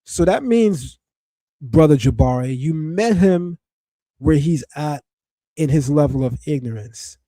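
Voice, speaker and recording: A man hosting a podcast, giving opinionated commentary in a loose, conversational way. His voice sits a little high for a man but sounds mellow and soft-edged. The recording is dry and close, with no room around it. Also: expressive, unhurried, no echo. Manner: conversational, with laughs and filler words. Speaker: podcast host.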